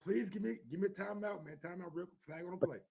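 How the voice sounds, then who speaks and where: A man keeps stepping into a heated casual debate, repeating words as he tries to take over. His voice is fairly high and a little husky. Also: fast talker, darkish tone. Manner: stammering, repeats words to break in.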